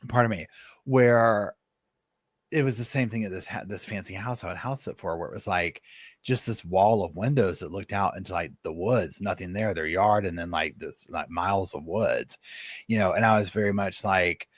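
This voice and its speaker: A man, hosting a casual live chat from home and telling animated stories full of fillers and asides. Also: deep voice, moderate pace, dry recording. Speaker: live stream host.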